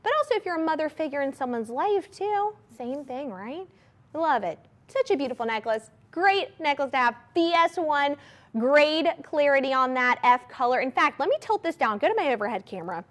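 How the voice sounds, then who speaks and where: A woman hosting a live shopping channel, pitching products to viewers in an upbeat, chatty way. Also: lively intonation, normal speed, fairly bright tone. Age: adult mother of a young child. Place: TV studio.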